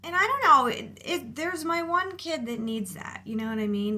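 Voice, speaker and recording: A woman's voice: high voice, animated, normal speed, hardly any pauses, sharp tone, a little hiss or hum. A woman in her thirties venting in a rambling, casual monologue about her kids, exasperated and filler-heavy. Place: outdoors near a lawnmower.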